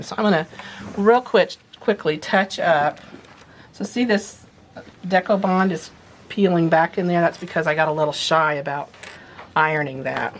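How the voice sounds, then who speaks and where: A woman talks through a sewing project in an easygoing, chatty way, walking the listener through each step as she works. Her voice sits a little low for a woman, and there is a faint hiss behind her. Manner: chatty, explains step by step while handling materials. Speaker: sewing instructor. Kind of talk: casual sewing demonstration.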